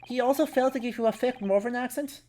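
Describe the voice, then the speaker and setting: A woman's voice: a little high, fast, dark tone, a little hiss or hum. A woman streaming a courtroom game, chatting casually and wryly, often breaking off mid-word to comment. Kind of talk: casual game let's play with read-aloud dialogue.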